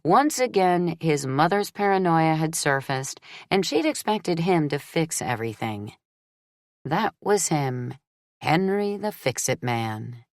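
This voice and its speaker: A woman narrating a romance novel audiobook in a measured, steady storytelling delivery. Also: deep voice, no echo, studio quality.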